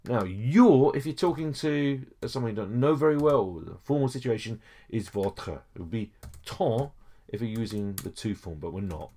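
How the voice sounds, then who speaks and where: A man's voice: mid-range voice, expressive, moderate pace, warm tone. A man teaching a French lesson over a screen recording, explaining each step patiently with frequent okays and small hesitations.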